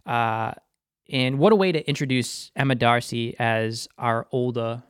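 Boston guy reviewing a tv episode, excited and chatty, dry room, middle voice. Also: mid-range voice, a little slow, clear, resonant tone, no room sound. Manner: enthusiastic, talks about himself in third person. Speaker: TV review host.

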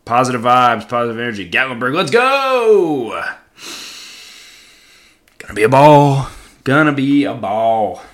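A young man hosting a casual solo podcast, rambling and joking, with sudden loud outbursts. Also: mid-range voice, sing-song, measured pace, pauses often. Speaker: podcast host.

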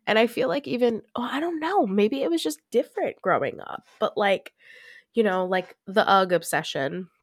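A woman's voice: medium pitch, expressive, normal speed, dry recording, studio quality. A young woman hosting a podcast alone, chatting in a rambling way with lots of "like" and frequent laughs. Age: young adult. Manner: rambling, laughs often, heavy use of "like". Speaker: podcast host. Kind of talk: casual solo chat.

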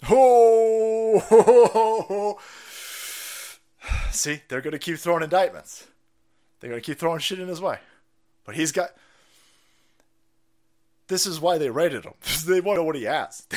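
A man hosting a casual live stream, his voice riding a wide, animated pitch range as he reacts to clips. He swears freely and gets loud and excitable, sitting a bit higher than most men. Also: normal speed, pauses often. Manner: profane, excitable, laughs and shouts over clips. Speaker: livestream host. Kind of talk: casual political commentary stream.

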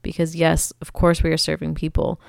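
A woman's voice: deep voice, monotone, fairly quick, gravelly, a little mellow, no echo, clean studio sound. A young woman hosting a faith podcast, talking in an earnest, conversational, encouraging way. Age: young adult. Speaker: podcast host.

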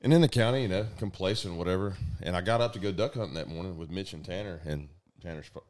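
A man, casually telling a profane, animated story to friends and acting out the voices. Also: low voice, fast talker.

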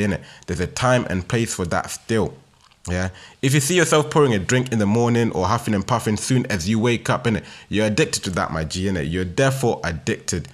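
A young man with a London street accent talking casually on his solo podcast, laid-back and slangy, ending nearly every sentence with "innit". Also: on the low side. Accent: London, Multicultural London English. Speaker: podcast host.

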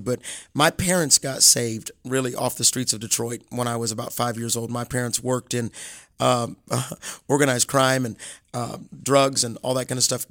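A middle-aged man with a Southern American drawl talks earnestly, circling back and restarting as he tells his story. His voice sits at an ordinary pitch, and the sound is dry and close to the mic. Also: fairly bright tone, dry recording. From Alabama, USA. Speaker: guest evangelist and author. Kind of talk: casual interview.

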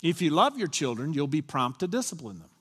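A male senior pastor gives a conversational sermon in a fairly high voice. He often checks in with the congregation with questions. His voice rings with the long reverb of a church sanctuary. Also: very animated, a little fast, husky.

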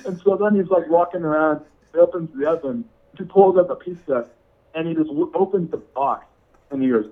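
A man's voice: sits high, lively intonation, normal speed, dull audio. A man telling a funny story in casual chat, laughing often and saying "dude" a lot. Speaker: podcast guest.

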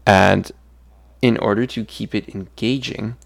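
A man's voice: fairly low pitch, fairly even intonation, measured pace, gravelly. A man co-hosting a podcast in laid-back, joking chat. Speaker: podcast co-host. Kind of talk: casual chat.

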